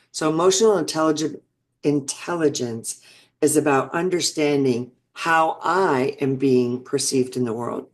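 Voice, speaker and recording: As an interview guest, a woman in her sixties recounts her own experiences with earnest reflection, restarting sentences often. She has a low voice and talks a little slowly.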